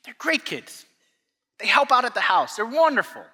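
Animated, bright-voiced pastor in an echoing hall. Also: male voice, very high-pitched, fairly quick, slightly rough. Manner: animated storytelling, acting out family dialogue. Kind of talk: sermon. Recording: long echo of a large hall.

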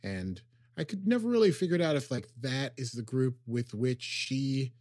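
A man co-hosting a podcast, casually recapping an episode with lots of fillers and quick acted quotes. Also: mid-range voice, expressive, a little mellow, no echo, clean studio sound. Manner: rambling, filler-heavy summarizing with acted quotes. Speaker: podcast co-host.

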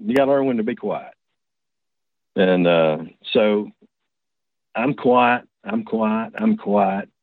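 A man's voice: fairly low pitch, dry recording. Man rambling over a tinny phone. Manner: rambling, folksy, with many restarts. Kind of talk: casual first-person storytelling. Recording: tinny dry phone line.

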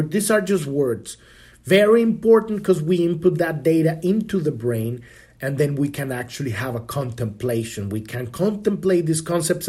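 High-pitched guy rambling through a spiritual talk, swears a lot, restarts sentences. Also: dark tone. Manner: casual, swears freely, many restarts. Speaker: podcast host.

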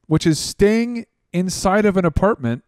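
A young man co-hosting a podcast, telling stories in casual chat. He rambles, repeats words and gets excited. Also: high voice, unhurried, no echo, studio quality. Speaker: podcast co-host, scam baiter.

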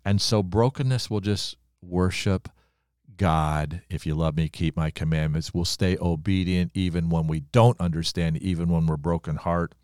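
An older male pastor preaching with a very low voice. He delivers his sermon earnestly, leaning on pauses and slowing down for weight. The sound is dry and close. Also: fairly even intonation, a little mellow, clean tone, dry recording. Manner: earnest preaching with dramatic pauses and slowed emphasis.

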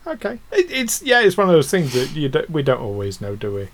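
A man's voice: a little high, wildly swooping pitch, a little fast, crowd noise. Giggly rambling podcast host, a man. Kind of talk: casual chat.

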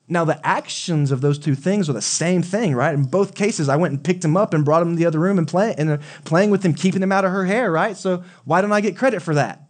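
A man's voice: on the high side, lively intonation, moderate pace. A young adult man preaching a sermon, talking conversationally and telling stories with asides to the congregation. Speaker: pastor.

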